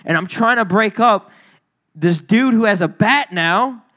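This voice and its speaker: A high-pitched man delivering a storytelling sermon, casual and full of slang. He swings between quiet asides and loud, excited retellings, voicing the people in his tales as he goes. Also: a little slow. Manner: animated, slangy, acts out the people in his stories. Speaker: preacher. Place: church hall.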